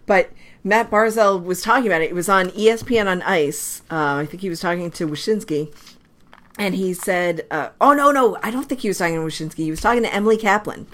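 A woman co-hosting a casual sports podcast, chatty with quick asides and frequent laughter. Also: mid-range voice, a bit bright. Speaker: podcast co-host. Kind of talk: casual hockey chat.

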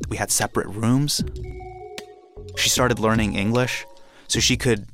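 A man from India telling a personal story, acting out the scenes with animated energy. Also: fairly low pitch, unhurried, faint music behind.

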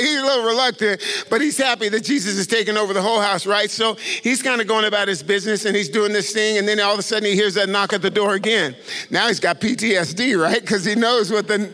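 A pastor telling a sermon story in an animated way, often asking his audience if they follow. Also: high voice. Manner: animated, keeps asking "right?". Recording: echoey hall.

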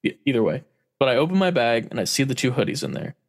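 A man's voice: mid-range voice, lively intonation, quick pace. A man in casual chat, telling a story with frequent laughs and casual swearing.

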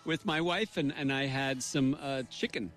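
A man's voice: mid-range voice, normal speed, fairly bright tone. A middle-aged man co-hosting a radio show, joking around in goofy, mock-pompous banter.

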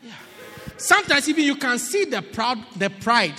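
A man preaching a sermon as a bishop. He swings from shouting to near-whispering and teases the congregation. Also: very high-pitched, big pitch swings, normal speed, faint music behind. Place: church hall. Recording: long hall reverb.

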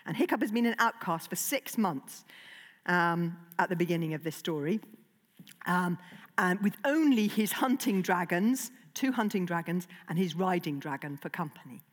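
A woman's voice: fairly low pitch, expressive, moderate pace. A woman, a children's author, giving a chatty, digressive talk to children, with many fillers. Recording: long hall reverb.

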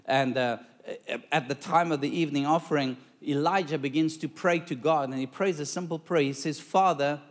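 A male preacher telling a story in a sermon, dramatic and lively, calling out to the congregation for responses. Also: on the high side, brisk.

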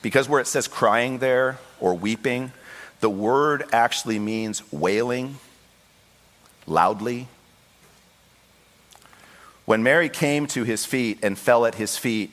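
A male pastor preaching a sermon with passion, acting out the voices in the Bible story and rising to high, pleading cries. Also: slow, long pauses, a bit bright. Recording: long hall reverb.

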